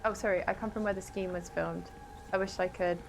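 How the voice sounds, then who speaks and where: A woman's voice: medium pitch, steady tone, fairly quick, gravelly, slight background noise. A woman live-streaming a game, chatting casually with her viewers and exclaiming at the action. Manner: chatty, reads chat aloud, exclaims at the game. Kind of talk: casual live-stream chat while gaming.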